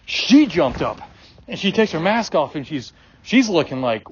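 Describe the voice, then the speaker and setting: This guest, a man, rambles through a personal story in casual talk, restarting often, using many fillers, and swearing freely. His voice is on the high side with big pitch swings and an unhurried pace, captured in dull lo-fi sound.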